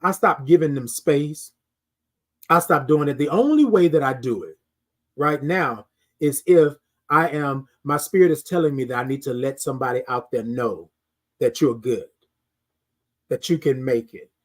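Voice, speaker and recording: A man's voice: mid-range voice, moderate pace. A middle-aged man hosting a morning live stream, preaching self-worth in a repetitive, sermon-like way and greeting viewers in the chat. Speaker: host of a morning live show. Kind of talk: motivational live-stream talk.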